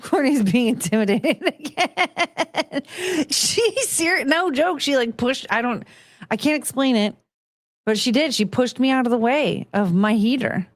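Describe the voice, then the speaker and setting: A woman's voice: sits high, animated, measured pace, no room sound, studio quality. A woman in her thirties hosting a casual chat podcast, chatty and giggly, rambling with plenty of fillers. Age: 30s. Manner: giggly, chatty, frequent laughter. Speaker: podcast host.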